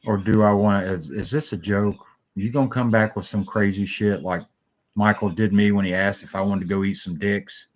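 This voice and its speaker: Man, low-pitched, rambling, off-topic, casual swearing, solo talk show host. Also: fairly even intonation, moderate pace. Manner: rambling, jumps between topics, swears freely.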